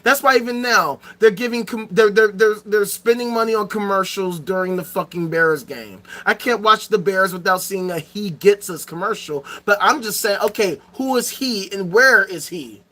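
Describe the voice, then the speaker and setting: Streamer host, livestream rant to chat, bright forceful voice, sarcastic, swears a lot. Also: mid-range voice, normal speed, hardly any pauses. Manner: profane, sarcastic, emphatic.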